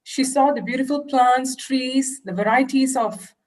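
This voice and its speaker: A woman's voice: sits high, unhurried, darkish tone, rough recording. A woman giving an earnest, explanatory online lecture over a video call. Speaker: religious education presenter.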